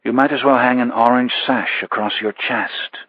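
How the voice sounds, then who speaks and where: A man voicing a cold, secretive male assassin who speaks tersely and quietly. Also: medium pitch, steady tone, moderate pace, no room sound, dull audio, natural voice.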